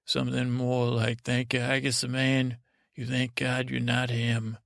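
A man telling a meandering, improvised bedtime story in a halting way, with many restarts and trailing asides. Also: monotone, fairly bright tone, no echo, studio quality. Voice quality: gravelly, low-key drone. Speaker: sleep podcast host.

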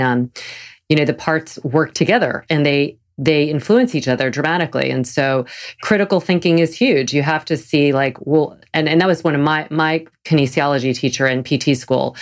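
A woman with a notably low voice hosts a casual interview as a physical therapist. She is chatty and enthusiastic, quick to agree before she asks her next question. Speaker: physical therapist and podcast host.

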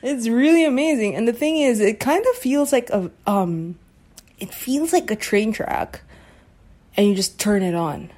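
Mellow-voiced woman musing on a podcast. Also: medium pitch, lively intonation, measured pace. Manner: musing, searching for words, often asks if listener follows. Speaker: podcast host. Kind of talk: casual solo podcast talk.

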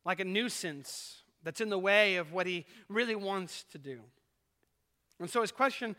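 A pastor preaching to his church, his voice high for a man and very bright and forceful. He delivers the sermon earnestly, letting his volume climb and fall. The sound carries a long echo from the church hall. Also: animated, moderate pace. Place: church sanctuary.

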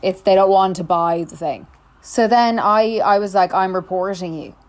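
A woman's voice: mid-range voice, normal speed. Young woman telling a story. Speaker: podcast co-host. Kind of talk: casual chat.

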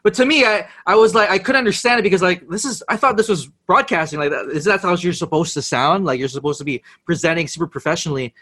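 A young man with a high, light voice chats about his radio days. He tells stories with energy, laughs often and slips into other people's voices. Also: fast, few pauses. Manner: animated storyteller, laughs often, mimics voices. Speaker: radio DJ and podcast guest. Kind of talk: casual chat.

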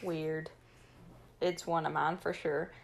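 A woman in her thirties co-hosting a casual podcast, expressive and quick to laugh, venting with playful mock outrage. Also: low-pitched, gravelly. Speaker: podcast co-host. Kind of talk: casual chat.

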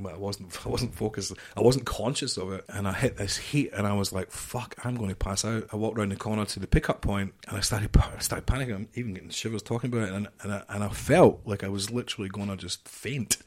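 A middle-aged man from the United Kingdom, appearing as a podcast guest, tells a story animatedly, swearing and acting out the dialogue. He speaks at a quick pace with a fairly low pitch and few pauses.

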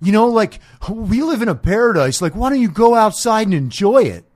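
A man's voice: sits high, sing-song, fairly quick, darkish tone, voice pushed up. A man putting on the voice of a laid-back young man who urges him to relax. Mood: easygoing.

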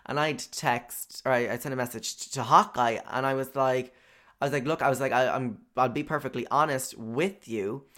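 A man's voice: medium pitch, fairly bright tone. A young man casually telling a personal story, chatty and profane, with lots of filler words.

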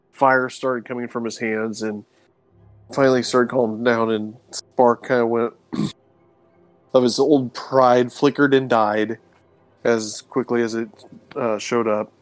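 A man co-hosting a casual chat, recapping a comic's plot in a relaxed storytelling way. He paraphrases the characters in quick asides and laughs easily. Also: medium pitch, dry recording. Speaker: comic book podcast co-host.

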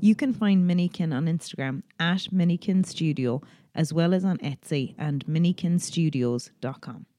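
Chatty Irish woman, low mellow voice. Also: normal speed, hardly any pauses. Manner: chatty, laughs while telling stories. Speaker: podcast co-host. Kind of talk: casual chat.

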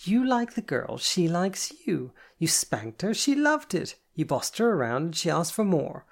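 A narrator voicing a brash, foul-mouthed, bossy young woman who talks loudly and bluntly and teases. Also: mid-range voice, very animated, a little slow, vocal fry, voice pushed up, heavily acted. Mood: exasperated. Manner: loud, teasing, blunt.

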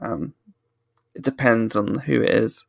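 British man, podcast co-host, casual sweary rant, gravelly voice, mid pitch. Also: steady tone, unhurried, no echo. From United Kingdom. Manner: ranting, sweary, self-correcting. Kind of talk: casual chat.

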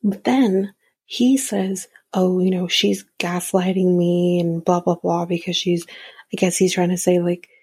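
A woman's voice: on the low side, little pitch movement, measured pace, darkish tone, breathy edge, dry recording, poor audio. A young woman hosting a podcast, chatting casually and with exasperation about a reality show, swearing freely. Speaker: podcast host. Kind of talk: casual recap commentary.

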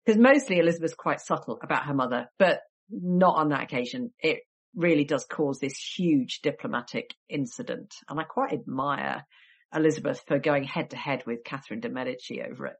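Low-pitched woman guest on a history podcast, bit of a cold, chatty and wry. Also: fairly quick, husky. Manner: chatty storytelling with wry asides. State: has a cold. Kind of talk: conversational podcast interview.

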